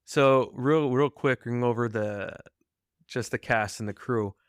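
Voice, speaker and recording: A man hosting a casual podcast over a video call, chatty and quick to laugh. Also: medium pitch, clear, resonant tone, no echo, clean studio sound. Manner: chatty, laughs often, hums along and quotes lines. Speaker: podcast host. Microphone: video call mic.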